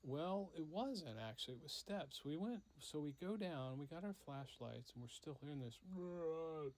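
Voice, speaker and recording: A man casually telling a story to his child, relaxed and unhurried, with lots of fillers, acting out the parts as he goes. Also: a little high.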